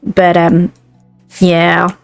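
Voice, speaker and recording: A woman's voice: lowish voice, completely flat delivery, extremely slow, gravelly, smooth, soft background music. A woman with a Scottish accent, rambling in casual chat while she plays a game. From Scotland. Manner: rambling, chatty. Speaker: gaming video creator.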